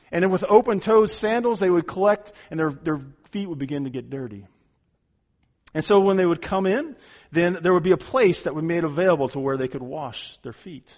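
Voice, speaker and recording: A middle-aged man delivering a verse-by-verse sermon. His voice sits somewhat high for a man, and he speaks emphatically, doubling words as he stresses each point. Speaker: pastor. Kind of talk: expository sermon.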